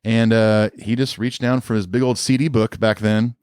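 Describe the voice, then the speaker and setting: A middle-aged man tells a road story in a loose, rambling way, leaning on fillers as he goes. His voice sits low, and the dry, close recording has almost no room sound. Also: flat delivery, moderate pace, darkish tone, smooth, no echo. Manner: rambling, filler-heavy, laid-back storyteller. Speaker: musician guest. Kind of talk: casual storytelling interview.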